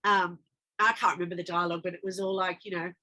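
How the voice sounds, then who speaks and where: A woman with a bright, clear voice talks with a guest's energy in a casual interview. She tells her stories animatedly and slips into the dialogue she is remembering. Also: fairly low pitch, little pitch movement, fast. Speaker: actress guest.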